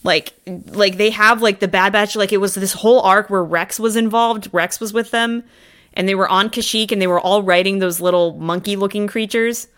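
A woman's voice: medium pitch, steady tone, normal speed, fairly bright tone, clear, resonant tone. A woman co-hosting a podcast in casual chat, talkative and full of "like" fillers. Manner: chatty, uses many fillers. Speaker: podcast co-host.

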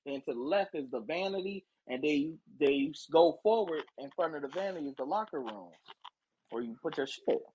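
A woman's voice: deep voice, fairly quick, breathy edge, muffled recording. A woman podcast host in casual chat, telling a story with lots of swearing and acting out what people said. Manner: animated, profane, acts out quoted voices.

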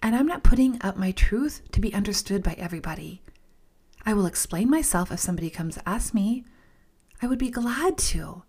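A woman hosting a podcast tells a personal story candidly and emphatically, in a mid-range voice that's expressive, brisk, a little mellow and husky. She repeats words for stress, often drops to a whisper, and addresses listeners as "you guys."

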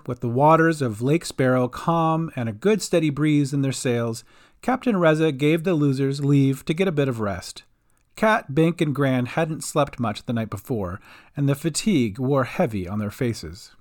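A man hosting and narrating his own homemade storybook podcast in a friendly, lively way. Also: mid-range voice, measured pace. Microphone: homemade setup.

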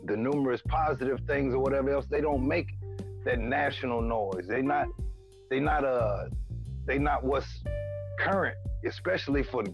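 Gravelly man from St. Louis, halting. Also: medium pitch, soft background music. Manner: halting, reflective, lots of restarts. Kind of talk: casual chat.

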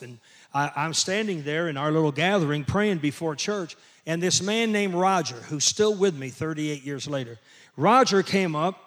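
An older man preaches a sermon as a pastor. He is emphatic, with a slightly raised pitch. His delivery climbs to loud, forceful peaks.

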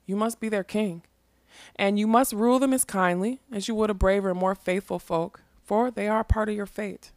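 A woman voicing a wizard who speaks quietly and in a measured way. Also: mid-range voice, steady tone, no room sound, clean studio sound, natural voice. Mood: earnest. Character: wise wizard, calm and persuasive.

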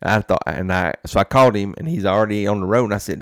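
Gravelly low-voiced man chatting. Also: fast, no room sound, studio quality. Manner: folksy storyteller, acts out phone calls. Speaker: co-host. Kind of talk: casual chat.

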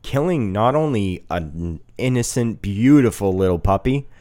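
Low-voiced laid-back man in casual chat. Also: lively intonation, measured pace, mellow, no echo, clean studio sound.

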